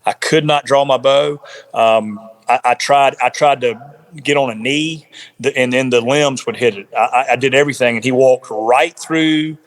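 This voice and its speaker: Animated man telling a hunting story. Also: medium pitch, moderate pace. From South Carolina. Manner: animated, repeats words. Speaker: podcast guest, bowhunter. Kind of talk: casual storytelling. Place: home, on a remote call.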